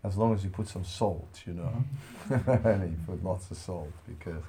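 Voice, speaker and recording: A spiritual teacher with a deep voice, speaking at a moderate pace, gives a soft-spoken, conversational devotional talk. He tells stories with frequent fillers, and there's a little hiss or hum.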